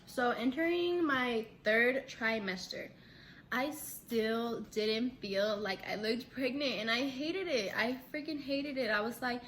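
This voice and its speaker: A young woman vlogger telling a story in casual chat, animated, often laughing and acting out quotes. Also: normal speed. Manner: animated, acts out quotes with big pitch jumps; laughs between lines, says "like" a lot. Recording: faint background noise.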